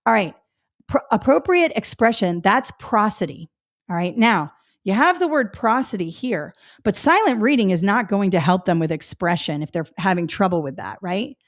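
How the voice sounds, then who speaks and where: A middle-aged woman runs a test-prep webinar, talking in a chatty, emphatic way and repeating key points. Her voice sits at a middle pitch for a woman. It is recorded close and dry, with no room sound. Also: expressive, moderate pace, no room sound. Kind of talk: webinar lecture.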